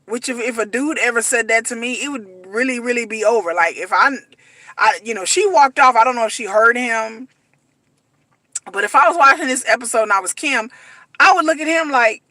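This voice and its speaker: A woman ranting casually to her viewers about a reality show, acting out the people she talks about in an animated way. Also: on the high side, fairly quick, no echo. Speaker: reality TV commentator.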